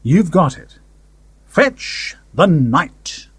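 A man's voice: fairly high pitch, sing-song, drawn-out words, breathy edge, no echo. A man reading a story aloud in a wry, conversational first-person manner. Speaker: story narrator. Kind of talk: audiobook fiction reading.

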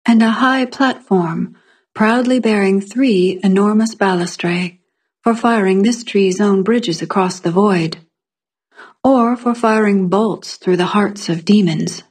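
Breathy woman narrating a fantasy tale. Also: mid-range voice, slow pace, a little mellow. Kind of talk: scripted fiction narration.

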